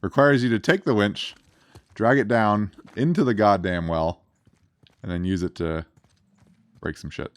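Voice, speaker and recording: A man's voice: fairly low pitch, a little slow, pauses often, smooth, no echo. A man casually commenting on his gameplay with crude, self-amused jokes. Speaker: let's play streamer.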